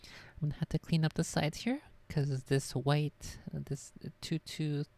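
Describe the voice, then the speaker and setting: A woman's voice: low voice, level tone, unhurried, mellow. A woman streaming from her desk at home, chatting casually and rambling offhand. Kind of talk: casual live-stream chat.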